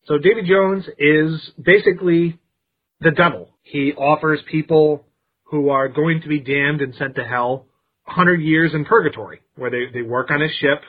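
A man's voice: on the high side, moderate pace. A man co-hosting a podcast, recapping a film's plot in a wry, casual way with jokey asides. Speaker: podcast co-host. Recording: husky voice over a tinny phone-like line.

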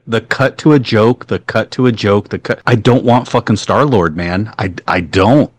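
A man's voice: fairly low pitch, normal speed. A middle-aged man giving blunt, opinionated takes in casual podcast chat, swearing freely. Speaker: podcast co-host.

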